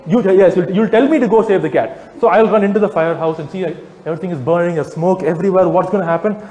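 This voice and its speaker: Man, high voice, animated persuasive speaker, hall reverb. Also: fast talker. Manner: animated, teasing, rhetorical questions to the audience. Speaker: speaker addressing a live audience. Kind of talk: persuasive public talk. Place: large hall with audience. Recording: echoey hall, faint background noise.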